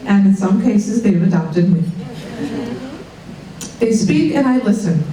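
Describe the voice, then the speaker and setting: A woman's voice: medium pitch, mellow. Heartfelt middle-aged woman with a cold. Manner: heartfelt, breaks off to laugh and recover. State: has a cold. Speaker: award recipient giving a speech. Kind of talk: emotional acceptance speech. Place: college dining room at an evening event. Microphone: podium mic from a distance. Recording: echoey room, distant mic.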